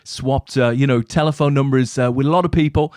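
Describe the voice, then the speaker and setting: A man co-hosting a chat show and telling a lively anecdote, often tagging his lines with "right?". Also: mid-range voice, a little fast, dry recording, clean studio sound. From England. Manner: animated anecdote-teller, tags lines with "right?". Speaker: co-host. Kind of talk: casual storytelling chat.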